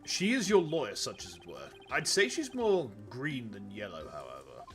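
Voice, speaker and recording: A man's voice: mid-range voice, huge pitch swings, normal speed, a bit bright, soft background music. A man playing a stern, samurai-like male prosecutor who speaks in a grave, old-fashioned, cutting way. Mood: dry.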